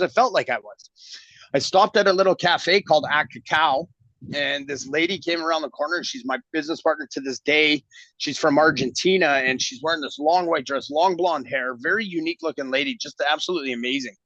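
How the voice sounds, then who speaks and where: A man's voice: on the high side, pushed and bright, no echo. A middle-aged man from Canada, a guest telling a long story in a casual interview and acting out the dialogue. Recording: dull lo-fi audio.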